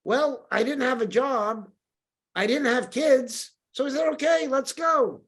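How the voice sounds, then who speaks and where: A man's voice: very high voice, unhurried. Older New man telling stories. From New York. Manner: lively anecdotal storyteller, acts out quoted dialogue. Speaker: podcast guest. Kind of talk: casual storytelling interview.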